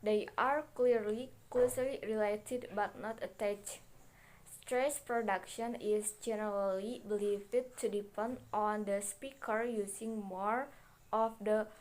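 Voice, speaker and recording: Slow, careful young woman student presenter. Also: medium pitch, darkish tone. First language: Indonesian. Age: young adult. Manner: slow, careful reading with restarts and self-corrections. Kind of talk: reading a class presentation.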